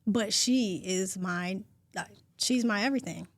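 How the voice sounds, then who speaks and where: A woman in her forties co-hosting a podcast, talking in a heartfelt, open, expressive way. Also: medium pitch, measured pace, no echo, clean studio sound. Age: 40s. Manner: heartfelt and expressive, talks openly and at length. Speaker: podcast co-host. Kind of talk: casual podcast chat.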